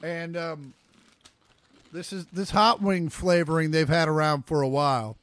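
A man's voice: a little high, steady tone, unhurried, a bit bright, no room sound. A man co-hosting a podcast, teasing and riffing playfully in casual chat. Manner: jokey, playful riffing, sings nonsense. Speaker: podcast co-host.

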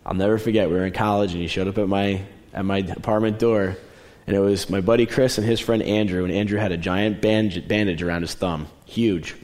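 A young adult man preaching a sermon in a conversational way, moving between raised, emphatic lines and quiet, low asides. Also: fairly even intonation, brisk. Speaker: pastor.

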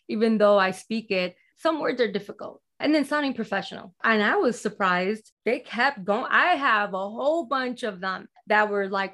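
A woman in a casual interview, telling lively stories and quoting herself and others with animation. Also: mid-range voice, normal speed. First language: bilingual in Spanish. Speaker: guest.

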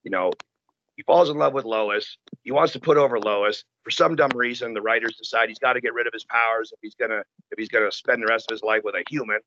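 Animated, profane man, lo-fi sound. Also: medium pitch, fast, slight background noise. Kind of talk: casual chat. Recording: dull lo-fi sound.

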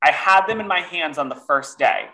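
A man co-hosting a casual podcast chat, expressive and dramatic, swearing freely. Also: fairly high pitch, moderate pace, echoey room, low-quality recording. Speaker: co-host.

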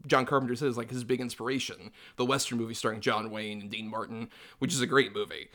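A man's voice: medium pitch, little pitch movement, quick pace, fairly bright tone. A man co-hosting a casual movie review podcast, rambling with lots of "like" and hedging asides. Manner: rambling, filler-heavy. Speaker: podcast co-host.

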